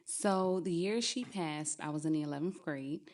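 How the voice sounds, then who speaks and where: A young adult woman telling a true spooky story on a podcast, lively and often laughing as she talks. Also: low voice, normal speed.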